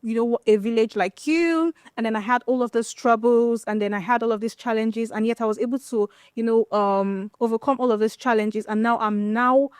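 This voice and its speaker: A woman's voice: on the high side, fairly even intonation, moderate pace, few pauses, darkish tone, clear, resonant tone, no echo, clean studio sound. A woman from Nigeria on a discussion panel, speaking earnestly with many "you know" fillers.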